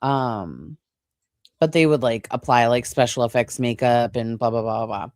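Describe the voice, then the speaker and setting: Woman co-host, casual chat, low voice, halting with fillers, dry mic. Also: dry recording. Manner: relaxed and halting, lots of "like" and "um". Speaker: podcast co-host.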